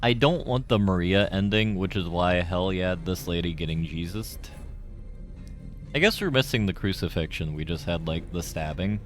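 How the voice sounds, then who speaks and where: A man's voice: low-pitched, animated, normal speed, faint music behind. A young man streaming a game, rambling through casual commentary with profanity and tangents.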